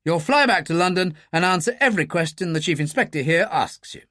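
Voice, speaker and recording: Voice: mid-range voice, expressive, a little fast, fairly bright tone, dry recording, studio quality, voice pushed up, close to an everyday voice. An audiobook narrator voicing an older male brigadier, clipped and upper-class, dryly teasing. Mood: wry.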